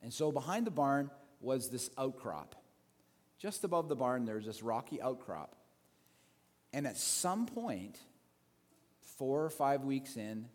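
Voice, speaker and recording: A man's voice: medium pitch, darkish tone. A male pastor telling a story in a sermon, conversational, with restarts and asides. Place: church sanctuary. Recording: long hall reverb.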